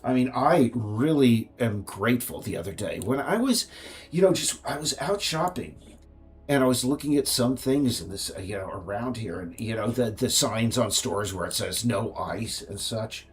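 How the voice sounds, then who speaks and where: A man's voice: mid-range voice, lively intonation, moderate pace. An American man, a game developer, rambling and ranting on a casual livestream, with frequent restarts.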